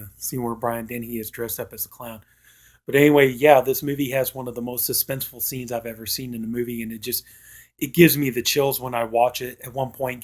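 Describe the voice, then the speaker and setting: Man, film reviewer, casual talk, mid-pitched voice, rambling, lots of filler words. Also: a little mellow. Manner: rambling, heavy use of "you know" fillers; acts out quoted lines from the film.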